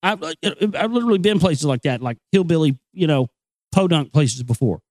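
A man's voice: fairly high pitch, expressive, fairly quick, darkish tone, no echo. A man hosting a show, ranting bluntly and sarcastically about the news with plenty of profanity, then reading aloud from a book. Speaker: show host.

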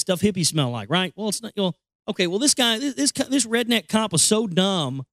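Male host, rambling sarcastic news rant full of swearing, pitched high, dead-dry sound. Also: fairly bright tone, no echo. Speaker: show host. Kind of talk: ranting commentary on news stories.

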